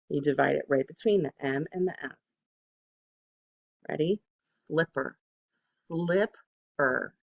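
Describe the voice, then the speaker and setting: A second grade teacher giving a recorded phonics lesson to children, patient and deliberate, saying each word twice to model it. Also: mid-range voice, gravelly, lo-fi sound.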